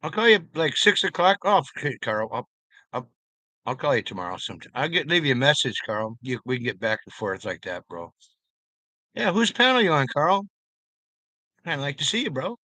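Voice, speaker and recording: A man's voice: mid-range voice, sing-song, normal speed, sharp tone, no echo. A man streaming live, chatting loosely with viewers, rambling and swearing freely. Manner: rambling, profane, talks to chat by name. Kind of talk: casual live-stream chat.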